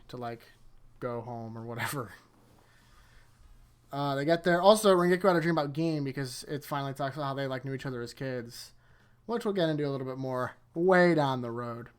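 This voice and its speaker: A man's voice: medium pitch, smooth. A man hosting his own anime rewatch, recapping episodes in a loose, rambling way that trips over itself and keeps correcting itself. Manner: rambling, self-correcting, chuckles often.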